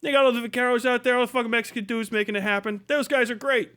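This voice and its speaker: A man's voice: very high-pitched, fairly even intonation, very fast, pushed and bright, clear, resonant tone. A man hosting a livestream, ranting crudely and mockingly, laughing often. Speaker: livestream host. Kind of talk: profane comedic rant.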